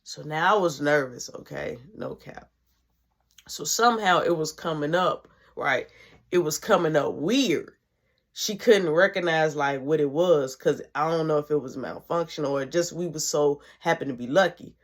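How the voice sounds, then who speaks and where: A woman vlogger narrating a personal story in an animated way, swinging between loud and hushed. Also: low voice, normal speed.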